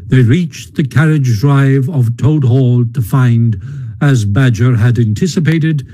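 A man narrates a classic animal story at a measured, unhurried pace. His voice is mellow and dark, and slightly husky. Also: mid-range voice, low-quality recording. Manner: measured storytelling, occasional stumbles. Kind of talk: audiobook narration.

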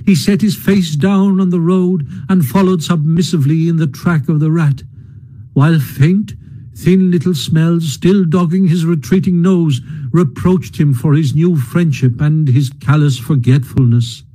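A man reading a storybook aloud in a slow, measured, expressive way. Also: on the high side, rough recording. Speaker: narrator. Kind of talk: storybook narration.

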